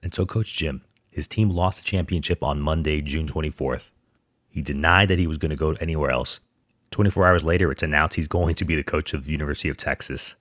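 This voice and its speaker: A man's voice: extremely low pitch, fast talker, fairly bright tone, no room sound, clean studio sound. A man hosting a podcast, ranting about sports news with sarcastic disbelief. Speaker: podcast host. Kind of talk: casual sports commentary monologue.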